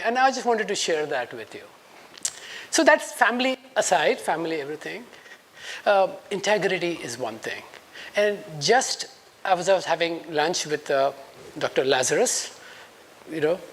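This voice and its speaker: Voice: medium pitch, slight background noise. A speaker in their fifties from India with an Indian English accent, giving a personal conference talk and acting out quoted dialogue in a raised voice between reflective stretches.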